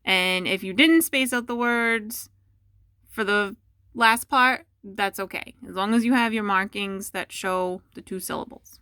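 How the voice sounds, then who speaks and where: A woman teacher dictating a spelling test to students at home, repeating each word slowly and giving patient instructions. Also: medium pitch, bright, forceful tone, dry recording, studio quality. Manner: slow, deliberate dictation with repeated words.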